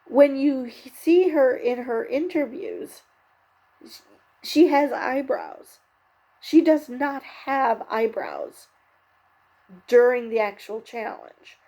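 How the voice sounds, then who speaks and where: A woman's voice: high-pitched, slow pace, mellow. A woman recapping and reviewing a TV show episode in a candid, chatty way, with lots of fillers and self-corrections. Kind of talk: casual spoken recap and commentary.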